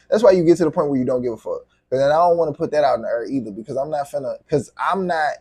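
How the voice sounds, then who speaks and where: Husky man venting, heated and profane. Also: a little high, a little mellow, no room sound, clean studio sound. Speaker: vlogger. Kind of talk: venting to camera.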